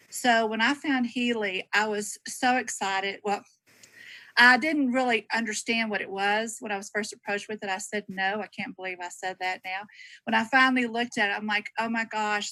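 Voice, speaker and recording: A woman's voice: medium pitch, pushed and bright, no echo, poor audio. A woman in her sixties from Texas with a Southern drawl, a nurse chatting on a group call and telling stories with easy laughs. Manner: chatty, storytelling, laughs easily. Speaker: registered nurse sharing testimonial. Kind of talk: casual chat on a group call.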